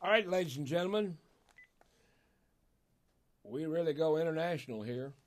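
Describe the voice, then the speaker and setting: A man's voice: on the high side, lively intonation, normal speed. An older man from Arkansas with a Southern accent, hosting a call-in radio show as a pastor. He talks in a folksy, emotional way, laughs often and stretches words out for emphasis. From Arkansas, USA.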